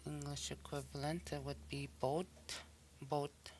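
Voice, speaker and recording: A language teacher giving a recorded pronunciation lesson, saying each example word slowly and then repeating it with care. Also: medium pitch, level tone, a little mellow, slight background noise.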